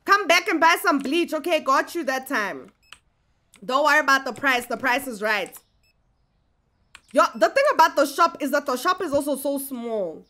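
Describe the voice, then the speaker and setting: A young woman giving casual, animated commentary as she plays a game, exclaiming and chatting to her viewers. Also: high voice, normal speed, long pauses. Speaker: gaming streamer.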